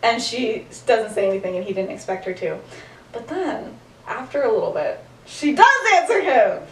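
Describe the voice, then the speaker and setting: In casual chat, a podcast co-host with a high-leaning, animated voice retells a story at normal speed. She rambles, leans on "like" a lot, and laughs frequently, with the sound echoing in a room far from the mic.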